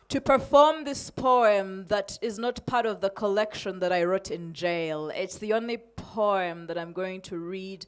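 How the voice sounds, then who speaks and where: A woman from Uganda, in her forties, speaking as a poet with a shaky, emotional but defiant delivery before a reading. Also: medium pitch.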